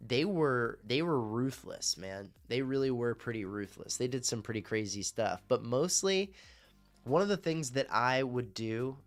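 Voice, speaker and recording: A man's voice: mid-range voice, expressive, measured pace, faint music behind. Rambling, foul-mouthed male live streamer. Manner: loose and rambling, swears, reacts to chat. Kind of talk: casual live-stream chat.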